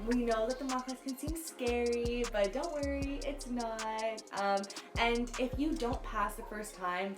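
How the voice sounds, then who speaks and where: A woman mentor calmly explaining lesson steps and reassuring new teachers. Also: a little high. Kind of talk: instructional video chat. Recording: echoey room with music behind.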